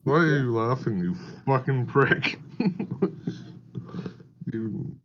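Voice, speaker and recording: A man's voice: mid-range voice, animated, a little slow, slight background noise. Crude-joking man on a dull recording. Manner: crude joking, thinking aloud. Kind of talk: casual chat among friends. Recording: dull lo-fi sound.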